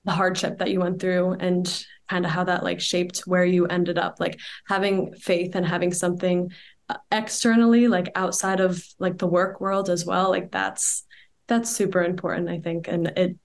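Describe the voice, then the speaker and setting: A woman's voice: fairly low pitch, little pitch movement, moderate pace, vocal fry. A woman hosting a casual interview, encouraging and affirming, using many fillers. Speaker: podcast host.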